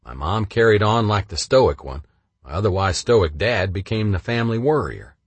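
A man narrating his memoir in the first person, blunt and profane, swinging between flat and heated. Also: on the low side, moderate pace, husky, dry recording.

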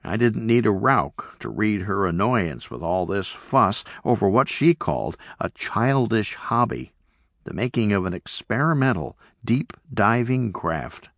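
A male audiobook narrator reading slowly and deliberately, letting each phrase land. His pitch moves a great deal as he tells the story in the first person. The recording is dry and close, with no room sound. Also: dry recording. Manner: measured, expressive storytelling.

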